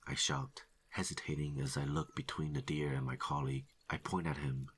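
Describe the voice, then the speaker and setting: A man narrating a first-person horror story in a steady, low-key delivery. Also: normal speed, vocal fry, slightly rough.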